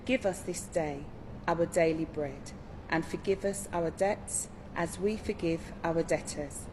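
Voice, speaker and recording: A woman reciting a prayer slowly and solemnly. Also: on the low side. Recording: reverberant hall, faint noise.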